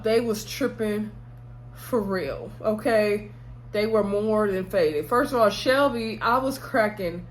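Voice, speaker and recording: A woman casually recapping a TV episode in chatty storytelling style, acting out what the characters said and laughing along. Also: medium pitch. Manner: laughs often while telling. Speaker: TV episode reviewer.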